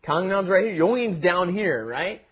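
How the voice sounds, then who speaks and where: A man's voice: high-pitched, expressive, moderate pace, a crowd in the background. A man co-hosting a casual Korean lesson podcast, explaining phrases chattily and tagging points with "right?". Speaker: Korean language teacher co-host.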